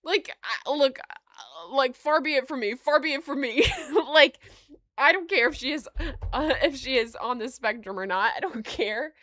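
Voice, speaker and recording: Animated woman live-streaming, dry sound. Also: sits high, normal speed, dry recording. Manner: animated, laughing often, reading aloud and reacting to chat. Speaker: livestream host. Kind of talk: live stream theory chat.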